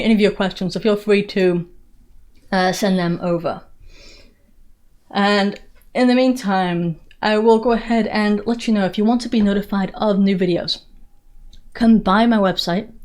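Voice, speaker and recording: A woman's voice: mid-range voice, a little mellow. A woman from England with a blended English and American Southern accent, doing live-stream political commentary with a sarcastic, mocking manner and frequent restarts. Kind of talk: live-stream commentary answering viewer questions.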